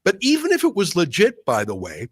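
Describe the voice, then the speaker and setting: A man from Canada, a guest commentator, explaining politics in a rapid, insistent way. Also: high-pitched, wildly swooping pitch, slightly rough, no echo.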